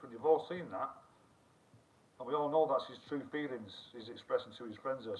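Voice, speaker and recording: A man's voice: mid-range voice, slight background noise. A middle-aged man, rambling and swearing freely as he chats and reads comments on a live stream. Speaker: livestream host. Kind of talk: casual live-stream chat. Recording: tinny phone-like sound, distant from the mic.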